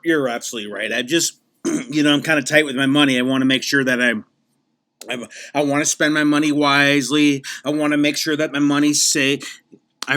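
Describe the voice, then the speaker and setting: A man's voice: mid-range voice, sharp tone. A man playing a pompous podcast guest who rambles and keeps restarting his sentences in a comedic interview. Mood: earnest. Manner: rambling, repeats himself, many restarts. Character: rambling self-important male podcast guest, adult.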